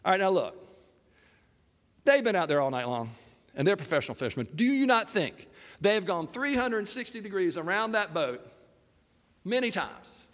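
A man preaching a sermon as animated, humorous storytelling, slipping into voices for the characters. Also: high-pitched, moderate pace, long pauses, in a large hall.

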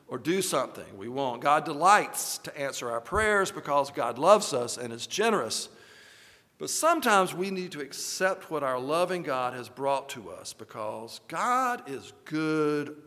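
A man's voice: on the high side, bright, forceful tone, long reverb tail. A man preaching a sermon as pastor, telling stories and acting out voices with rising force.

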